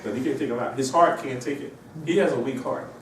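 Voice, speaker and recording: A man's voice: mid-range voice, fast, a little hiss or hum. A man with a cold lecturing to a class, rambling and firing off rhetorical questions. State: has a cold. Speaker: instructor. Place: university classroom. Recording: echoey classroom, from far off.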